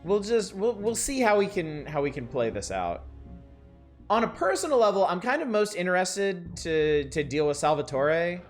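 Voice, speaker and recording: A man's voice: sits high, very animated, normal speed, soft background music. A man streaming a role-playing game, casually musing through plans with hesitant restarts. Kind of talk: let's-play commentary.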